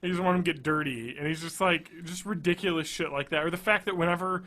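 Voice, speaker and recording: A man's voice: fairly high pitch, fast, sharp tone. A man in his thirties co-hosting a casual podcast, rambling, laughing often and swearing freely. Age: 30s. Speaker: podcast co-host.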